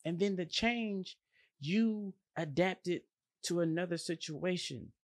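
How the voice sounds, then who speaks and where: A man, a line cook, giving a casual motivational monologue, animated and slangy, with playful emphasis and vocal sound effects. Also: high voice, slow, no echo, clean studio sound.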